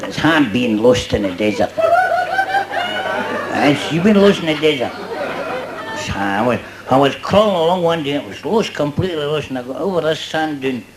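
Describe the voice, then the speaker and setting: A man's voice: fairly high pitch, lively intonation, normal speed, over a noisy crowd, very noisy. An older Scottish man doing a stand-up routine before a live audience, chatty and cheeky, laughing at his own jokes. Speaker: stand-up comedian.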